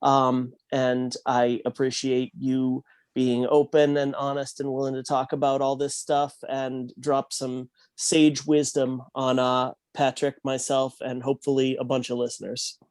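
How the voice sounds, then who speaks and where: A man co-hosts a podcast, with a voice of average pitch. He speaks earnestly, stopping and restarting his words, in dry, close audio. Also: level tone, darkish tone, clean tone, no room sound. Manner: earnest, halting with repeated words. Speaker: podcast co-host. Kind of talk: casual roundtable discussion.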